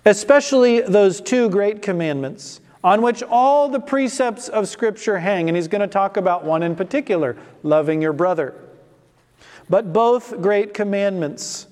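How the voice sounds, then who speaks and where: A man's voice: high-pitched, expressive, a little slow, a little mellow, long reverb tail. A man giving an emphatic expository sermon on scripture, using rhetorical questions. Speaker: preacher.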